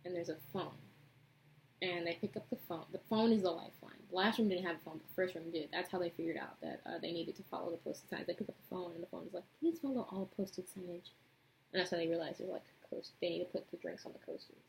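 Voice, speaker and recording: A woman's voice: on the low side, steady tone, fast, vocal fry, a little hiss or hum, rough recording. A young woman vlogger chatting casually as she retells a movie plot and does her makeup, rambling with lots of fillers. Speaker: beauty vlogger.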